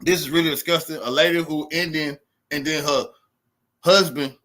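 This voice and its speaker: A man's voice: a little high, fairly even intonation, moderate pace, fairly bright tone. A man hosting a commentary channel, reacting to news clips in a heated, mocking, profane way and laughing often.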